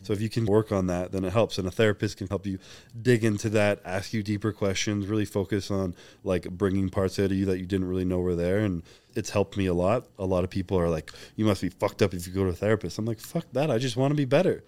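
Fast-talking young man, frank and profane. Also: low voice, little pitch movement, a little mellow, dry recording. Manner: fast, open and profane, acting out quoted dialogue. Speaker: guest, bodybuilding champion. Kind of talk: candid podcast conversation.

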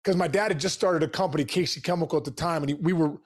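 A man in his forties with a notably high voice tells stories on a podcast. He talks in an energetic, casual way and slips into each character's voice when he quotes a conversation. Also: very fast. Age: 40s. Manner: energetic, acts out quoted dialogue. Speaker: podcast guest. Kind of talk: casual storytelling.

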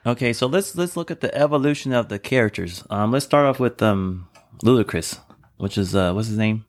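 A man's voice: medium pitch, expressive, fairly quick. A man co-hosting a podcast, chatting casually and steering the conversation with rambling opinions. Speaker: podcast co-host. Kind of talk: casual chat.

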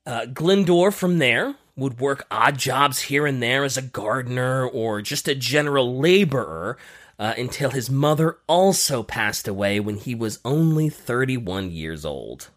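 A man hosting a casual podcast, telling a history story with lively emphasis and frequent fillers. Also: mid-range voice, measured pace. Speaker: podcast host.

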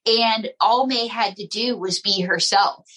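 A woman's voice: medium pitch, unhurried, a bit bright, slightly rough, rough recording. A woman, a guest ventriloquist and comedian, chatting and telling stories on a podcast, laughing often. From United States. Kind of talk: casual podcast chat.

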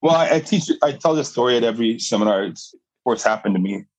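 A man's voice: medium pitch, expressive, quick pace, no room sound, rough recording. A middle-aged man, a guest on a podcast, telling a story with energy, laughing often and restarting his sentences. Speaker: guest, jiu-jitsu fighter and coach.

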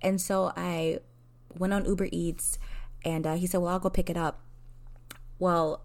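Szczera kobieta o niższym głosie. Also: female voice, fairly low pitch, measured pace. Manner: candid and conversational, laughing at herself, quoting people in lively voices. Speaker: counselor. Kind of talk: personal storytelling.

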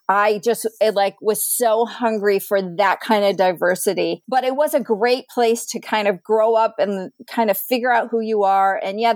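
A woman from upstate New York, chatting casually and telling frank stories with lively acted-out quotes. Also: a little high, no echo. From southern tier of New York. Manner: animated storyteller acting out quotes, swears freely. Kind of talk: casual chat.

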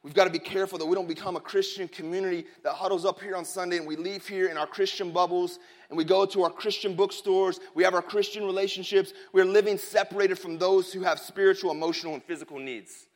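A man's voice: sits high, fairly even intonation, fast, hardly any pauses. A man in his thirties preaching a sermon, telling a funny family story in a chatty, joking way. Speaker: pastor. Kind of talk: sermon with a humorous personal story.

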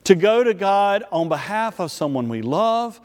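Brief: male pastor, higher voice, lively storytelling sermon, long hall reverb. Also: unhurried. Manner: storytelling with playful asides.

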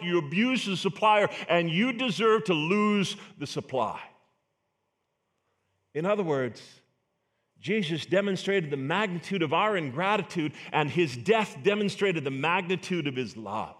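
A man's voice: sits high, a bit bright. A man preaching a sermon as pastor, earnest and emphatic, asking the congregation rhetorical questions.

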